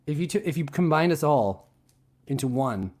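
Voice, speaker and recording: A man's voice: a little high, expressive, moderate pace, darkish tone. A young man co-hosting a live show, reading fan mail aloud and stumbling over words. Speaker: co-host. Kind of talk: casual live-show banter.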